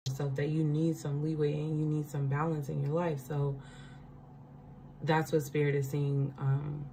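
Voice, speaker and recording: Low-voiced woman giving a chatty card reading. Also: level tone, normal speed, mellow, slight background noise, low-quality recording. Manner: chatty, laughs often, checks in with "right?". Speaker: spiritual card reader. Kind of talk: casual spiritual card reading.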